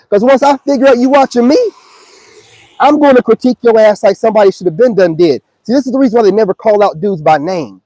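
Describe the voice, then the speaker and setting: High-voiced, dark-toned ranting man. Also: fast talker, dry recording, poor audio. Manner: preachy, confrontational, slangy. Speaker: self-styled spiritual commentator. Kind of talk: ranting monologue to camera. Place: outdoors.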